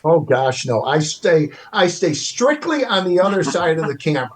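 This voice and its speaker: An older man from Chicago, a TV producer telling animated stories as an interview guest. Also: on the high side, moderate pace. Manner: animated, expressive storyteller. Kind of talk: storytelling interview.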